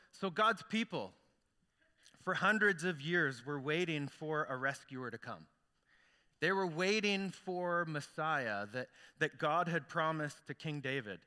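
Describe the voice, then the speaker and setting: A male pastor preaching to his congregation in a loose, storytelling manner. His voice is very bright and forceful, with a clear, ringing tone. The church hall adds a long reverb to every phrase. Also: a little high. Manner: storytelling, conversational. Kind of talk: sermon.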